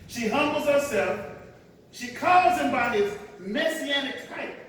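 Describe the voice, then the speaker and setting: A high-pitched male pastor preaches slowly in a lively, swooping voice. He is picked up from a distance in a big, echoing church. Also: slight background noise. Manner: preaching with dramatic swings, acting out voices; repeats "watch this" as a refrain. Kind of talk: sermon. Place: large church sanctuary. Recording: echoey hall, picked up from a distance.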